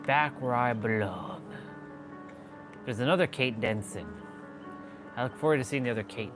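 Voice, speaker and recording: A man's voice: medium pitch, normal speed, pauses often, music in the background. A man chatting casually on a live gaming stream, playful and muttering to himself as he plays. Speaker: livestream gamer.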